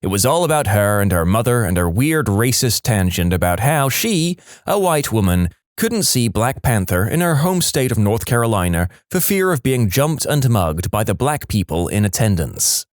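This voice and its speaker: A man's voice: on the low side, big pitch swings, moderate pace, hardly any pauses, dry recording. Male story narrator, swooping delivery, dead-dry booth. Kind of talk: reading reddit stories aloud.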